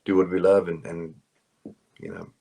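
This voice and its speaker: A man's voice: low voice, sing-song, normal speed, gravelly, warm tone, slightly rough. A man from South Africa, a musician speaking as a guest in a casual interview, hesitant with many fillers and restarts. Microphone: phone call.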